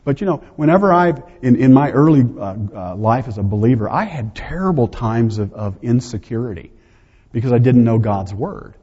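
A man's voice: mid-range voice, expressive, normal speed, dark tone, husky. Guy preaching a bible lesson, chatty asides, dull muffled audio in a big echoey hall. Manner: conversational, with chatty asides to himself and the audience. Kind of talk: sermon. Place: large hall before a seated audience.

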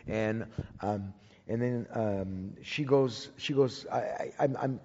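A man's voice: on the low side, slow pace, darkish tone. A man giving a sermon as a personal story, talking conversationally with frequent restarts and repeated words. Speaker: Bible teacher speaking to a congregation. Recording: dull recording with long hall reverb.

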